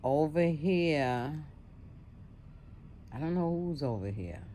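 A woman's voice: low-pitched, expressive, slow pace, mellow. Middle-aged woman telling a storytime, chatty and rambling, keeps asking "right?", faint hiss behind. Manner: conversational, repeats words and asides with "right?". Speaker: storyteller vlogger. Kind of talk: casual storytime monologue.

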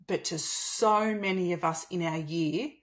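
Speaking a little slowly in a voice on the low side, this Australian woman in her thirties shares a personal story as a guest. She's animated, performing the dialogue as she quotes it.

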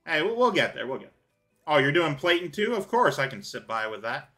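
A man's voice: fairly high pitch, very animated, fairly quick, sharp tone, soft background music. A Canadian man hosting a casual co-op gameplay chat, joking and rambling with many fillers and restarts. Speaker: gaming channel host.

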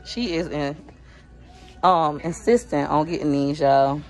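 A woman's voice: low-pitched, measured pace, a little mellow, faint music behind. A woman films herself shopping in a store and talks straight to her viewers. Her voice is chatty and easygoing, picked up by a handheld phone. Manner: chatty, addresses viewers directly. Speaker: vlogger. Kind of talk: casual shopping vlog.

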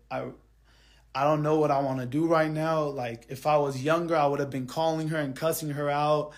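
A man ranting angrily to his livestream viewers. He swears heavily, repeats himself, and swings between quiet, subdued stretches and heated outbursts. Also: on the high side. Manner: angry, heavily profane venting; repetitive, drops quiet then heats up. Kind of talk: live stream rant to viewers.

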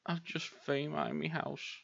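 A man's voice: fairly high pitch, measured pace, creaky, a bit bright. A man hosting a gaming video, commenting on his own play and scolding himself in exasperated outbursts. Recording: dull lo-fi sound.

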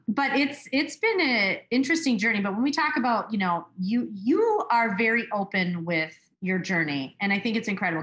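A woman's voice: mid-range voice, fairly bright tone, reverberant. A woman hosting a podcast interview, talking in an emphatic, chatty way. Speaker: podcast host. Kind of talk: conversational interview.

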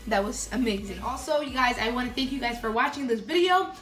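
A woman's voice: fairly high pitch, fast talker, fairly bright tone. A young woman hosting a casual recipe vlog, gushing and talking straight to her viewers. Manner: gushing, keeps saying "you guys". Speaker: food vlogger.

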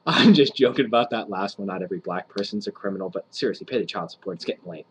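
Rambling, profane man, low voice. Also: expressive, moderate pace, long pauses, breathy edge, rough recording. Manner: profane, rambling, mock-offensive, laughs at own jokes. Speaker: vlogger. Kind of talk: rambling crude joke rant to camera.

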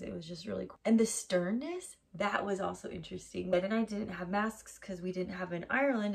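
American woman, thirties, casual vlog storytelling, gravelly fry in the voice. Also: fairly low pitch. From United States. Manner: chatty storytelling, lots of "like". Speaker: vlogger. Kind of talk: casual travel vlog chat.

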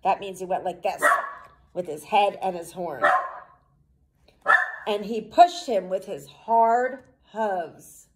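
A woman teacher reading a storybook aloud to children, pausing to explain the pictures and words in a patient way. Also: medium pitch, dark tone, slight background noise.

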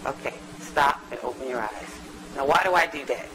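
A woman academic giving a lively, chatty talk to a live audience in a university lecture room, teasing the listeners as she goes. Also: rumbling low, fairly quick, a little hiss or hum, rough recording. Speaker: guest lecturer, academic psychologist.

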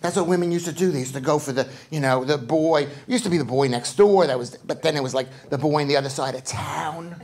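A middle-aged man with a New York accent doing a live stand-up routine, rambling in a deadpan way and repeating his lines. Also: a little high, fast, hardly any pauses. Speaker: stand-up comedian. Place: comedy club on stage. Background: audience laughter.

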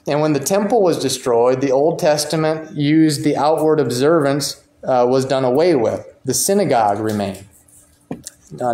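A man's voice: on the high side, darkish tone. Man teaching a church class. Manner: informal, reads quotations aloud and comments on them. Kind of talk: conversational Bible class lecture. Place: church meeting room. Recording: roomy echo.

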